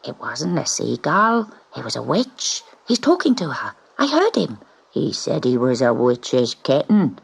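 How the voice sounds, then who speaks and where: A woman voicing superstitious male sailors in a storybook reading, talking in hushed, whispering tones. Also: extremely low pitch, big pitch swings, a little slow, gravelly, breathy edge, pitched below the performer's own voice, full character voice, low-quality recording. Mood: suspicious. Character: suspicious, superstitious sailors, men. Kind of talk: storybook narration.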